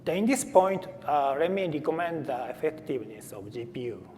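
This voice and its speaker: A man presents a technical talk at a conference. His voice sits slightly high, and he pauses often with fillers and restarts. The sound carries a faint reverb from the hall and light background noise. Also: a little mellow. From Japan. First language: Japanese. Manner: halting, with frequent fillers and restarts. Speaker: conference speaker.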